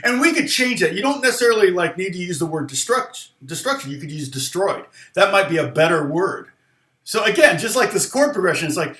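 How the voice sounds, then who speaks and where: A man's voice: high voice, very animated, echoey room. Rambling man teaching songwriting. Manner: rambling, halting, many restarts and fillers; sings lyric snippets softly to demonstrate. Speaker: guitar teacher. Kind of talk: casual livestream lesson.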